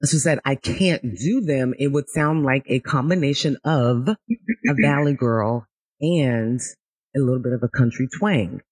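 A woman's voice: a bass voice, measured pace, darkish tone, slightly rough. A woman in her thirties hosting a podcast in casual chat, playful and laughing, stuffy from a cold. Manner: playful, laughing, self-mocking. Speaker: podcast host.

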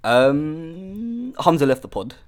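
Young man, lively swinging pitch, casual slangy podcast banter. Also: slow. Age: young adult. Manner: laughing, slangy storytelling with British street slang. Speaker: podcast co-host.

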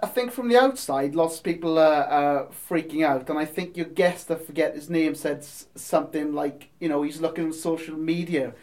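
A man's voice: on the high side, moderate pace, hardly any pauses, darkish tone. A man in a band, chatting casually in an interview, rambling with restarts. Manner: rambling, many restarts and fillers. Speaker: band member guest.

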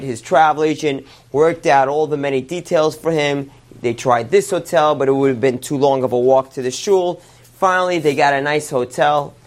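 A male rabbi telling a story in a sermon, with animated retelling and quick asides. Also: on the high side.

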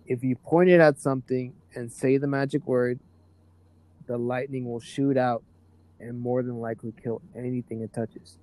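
A man voicing a depressed old male village wizard who speaks quietly and hesitantly. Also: medium pitch, fairly even intonation, normal speed, close to an everyday voice. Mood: gloomy.

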